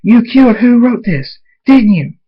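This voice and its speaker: A man's voice: medium pitch, moderate pace, lightly acted. A man voicing an earnest young male hero in a fan-made story reading, urgent and pleading. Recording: dull lo-fi recording.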